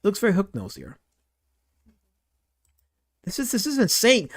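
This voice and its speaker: An excitable man hosts a casual livestream and rambles his way through commentary. His voice sits high and swings widely in pitch, and he reacts to chat with quick exclamations and swearing. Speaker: livestream host.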